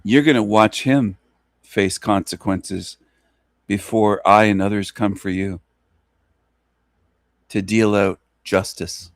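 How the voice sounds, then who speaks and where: A man's voice: lowish voice, fairly even intonation, slow pace, long pauses, no echo. Taunting man ranting into a dry mic. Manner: taunting, contemptuous, repetitive. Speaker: channel host. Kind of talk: ranting monologue.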